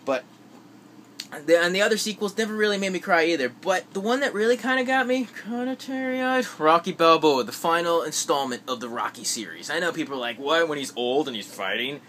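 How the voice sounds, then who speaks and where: A man's voice: sits high, animated, a little fast, sharp tone, slight background noise. A man rambling through his movie list in a casual vlog, with lots of fillers and restarts. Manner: rambling, many fillers and restarts, acts out quotes. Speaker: vlogger.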